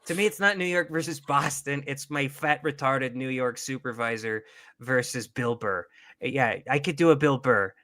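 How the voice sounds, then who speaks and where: A man's voice: mid-range voice, moderate pace, no echo, studio quality. A man co-hosting a casual livestream chat, joking and swearing freely. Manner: joking, swears freely, slips into loud accent impressions. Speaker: podcast co-host.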